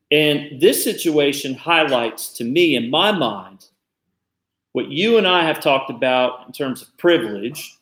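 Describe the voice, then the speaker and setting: A man co-hosting a casual discussion, thinking aloud in a thoughtful, halting way with frequent restarts. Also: a little high, animated, a bit bright, reverberant. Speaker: podcast co-host.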